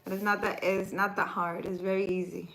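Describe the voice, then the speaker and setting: A woman's voice: medium pitch, level tone, brisk, a bit bright, a little hiss or hum, rough recording. A woman hosting a casual livestream, reading viewer comments aloud, teasing her viewers and then giving earnest spiritual advice.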